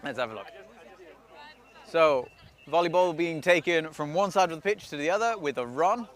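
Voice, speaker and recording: A chatty male sports commentator calls a match on his own from beside an outdoor pitch, his voice sitting fairly high. He jokes at his own expense and stumbles over the team names as he goes. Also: animated, moderate pace, fairly bright tone, some chatter behind. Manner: self-deprecating, chatty, loses track of names. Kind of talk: solo live play-by-play commentary.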